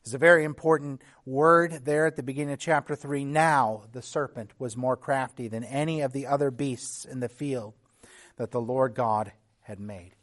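A man preaching a sermon as a pastor, teaching in an earnest tone, with restarts and occasional throat clearing. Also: mid-range voice, fairly even intonation, normal speed, a bit bright.

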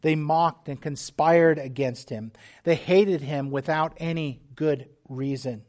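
Pastor preaching in an earnest, measured way. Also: male voice, a little high, steady tone, darkish tone. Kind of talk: sermon.

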